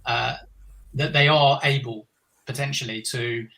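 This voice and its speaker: Male interview guest, bright timbre, earnest, looping reflective talk with frequent restarts. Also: medium pitch, steady tone, measured pace, vocal fry, rough recording. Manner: earnest, meandering, many restarts. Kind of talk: reflective conversation.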